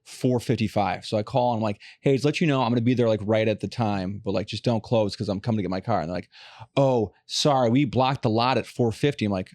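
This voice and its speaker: A man's voice: on the low side, a little mellow. A man hosting a podcast, telling long profane stories in casual chat. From Los Angeles area. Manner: profane, fast storytelling rants. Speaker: podcast host.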